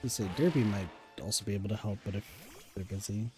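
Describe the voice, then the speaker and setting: A man streaming a game, coaching his co-player in a halting, filler-heavy way while he keeps hiccuping. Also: on the low side, over music. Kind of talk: casual gaming chat.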